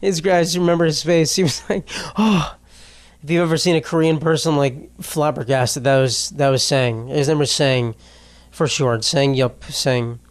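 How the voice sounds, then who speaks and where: A man's voice: fairly high pitch, steady tone, moderate pace, clean tone. A young man hosting a podcast, talking casually in a rambling, self-deprecating way, swearing often and laughing mid-sentence. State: tearful after a loss. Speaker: podcast host. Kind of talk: casual solo podcast monologue.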